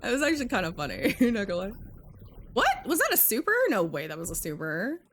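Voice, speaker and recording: A young woman live-streaming while she games and chats with her viewers, muttering one moment and breaking into loud outbursts the next, with a cough that keeps coming back. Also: mid-range voice, quick pace. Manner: excitable, swings between muttering and loud outbursts. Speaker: gaming streamer.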